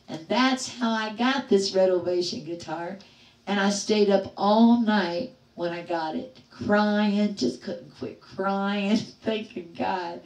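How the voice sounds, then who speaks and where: A middle-aged woman hosting a livestream, telling a story to her chat in a lively way, acting out the voices she quotes and laughing often. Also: on the low side, echoey room, far from the mic, rough recording. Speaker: livestream host. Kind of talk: casual storytelling to live chat.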